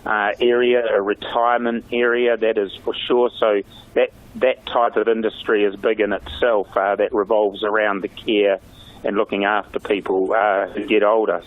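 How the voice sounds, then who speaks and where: A middle-aged man, a mayor speaking in a radio interview over the phone, halting with many fillers and restarts. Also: lowish voice, little pitch movement. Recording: tinny phone line.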